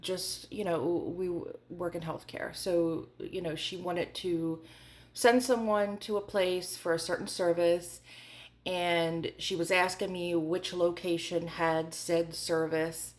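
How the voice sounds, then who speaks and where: Chatty woman in her forties, lowish voice. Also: steady tone, takes it slowly. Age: 40s. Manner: chatty, candid storytelling with many fillers. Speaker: vlogger. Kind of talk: storytime vlog.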